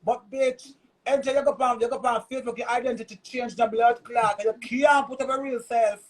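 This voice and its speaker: A man with a Jamaican accent ranting loudly on a live stream, cursing and repeating himself. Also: very high voice, fairly even intonation, fairly quick. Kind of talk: heated live-stream rant.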